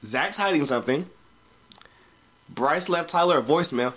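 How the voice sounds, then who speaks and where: A man chatting casually as a co-host, his pitch sitting a touch high and swinging widely. He swears often and fills gaps with "like" and "um". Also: moderate pace, husky. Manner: animated, swearing, frequent fillers. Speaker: podcast co-host. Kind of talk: casual chat.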